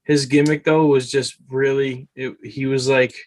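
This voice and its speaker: A man chatting on a podcast tells his stories loosely, restarting his sentences and circling back. His voice stays level and flat, with little rise and fall. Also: mid-range voice, measured pace. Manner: rambling, many restarts and fillers. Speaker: podcast co-host. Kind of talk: casual chat.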